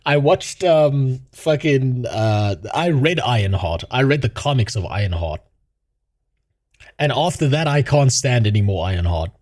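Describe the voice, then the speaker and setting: A man's voice: medium pitch, lively intonation, a little slow, a little mellow. A man ranting casually as a gaming streamer, swearing, mocking and laughing often. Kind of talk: casual commentary rant.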